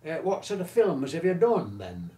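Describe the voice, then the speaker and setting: A man's voice: a little high, wildly swooping pitch, normal speed, mellow, reverberant, distant mic, pitched above the performer's own voice. An old man putting on a brash young reporter. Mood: blunt. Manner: blunt, unpolished questioning. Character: brash young male local newspaper reporter.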